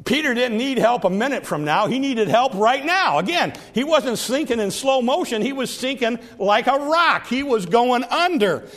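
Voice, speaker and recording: A man's voice: very high voice, expressive, moderate pace, hardly any pauses, a bit bright. A middle-aged man preaching a sermon, counting off numbered points and acting out quoted speech with rising emphasis.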